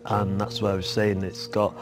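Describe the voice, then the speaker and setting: A stage actor speaking earnestly and reflectively in a documentary interview. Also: male voice, lowish voice, monotone, normal speed, over music.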